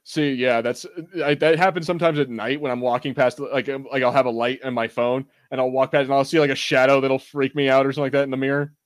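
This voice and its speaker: American guy, mid-pitch, dry close mic; laid-back podcast co-host, laughs and swears easily. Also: fairly even intonation, fast, few pauses, dry recording. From United States. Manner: laughs often, swears casually. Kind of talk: casual chat.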